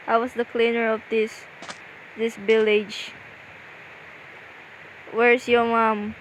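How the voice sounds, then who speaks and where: A woman's voice: a little high, little pitch movement, slow pace, a little hiss or hum, rough recording. A young woman with a Filipino accent giving rambling, casual game commentary, often repeating and restarting phrases. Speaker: gaming video creator.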